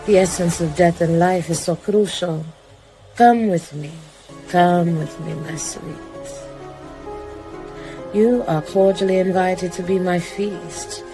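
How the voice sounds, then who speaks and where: A woman's voice: lowish voice, slow pace. A woman performing a theatrical spoken-word poem in character, sultry and menacing. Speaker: guest poet. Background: loud music.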